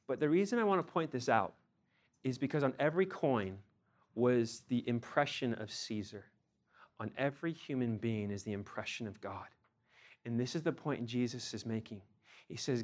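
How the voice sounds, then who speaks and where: A young man preaching a sermon, lively and casual, acting out scripture scenes in playful slang. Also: mid-range voice, a little fast.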